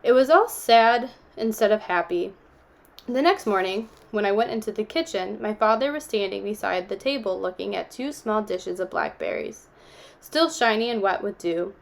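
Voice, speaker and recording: A woman reading a novel aloud, telling the story steadily and giving the characters gentle voices. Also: mid-range voice, lively intonation, normal speed, gravelly. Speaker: audiobook reader.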